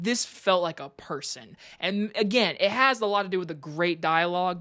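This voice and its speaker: A woman's voice: mid-range voice, a bit bright. A woman reviewing a film in a loose, chatty way. She sounds eager and enthusiastic, and keeps dropping in "like" as she talks. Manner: chatty, enthusiastic, heavy use of "like". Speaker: movie reviewer. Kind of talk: casual spoken movie review.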